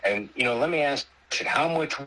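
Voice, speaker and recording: Bright-voiced man pitching his site. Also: expressive, fairly quick, low-quality recording. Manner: salesy, conversational. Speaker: fantasy football analyst guest. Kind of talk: promotional pitch on a show.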